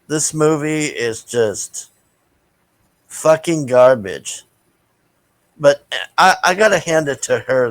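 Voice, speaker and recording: A man at an ordinary middle pitch talks through a film in a loose, rambling review. He is blunt and crude, stumbling over restarts and filling pauses with ums and uhs. The sound is dry and close, with almost no room in it. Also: dry recording, poor audio. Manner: blunt and profane, with many fillers and restarts. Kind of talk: casual rambling movie review.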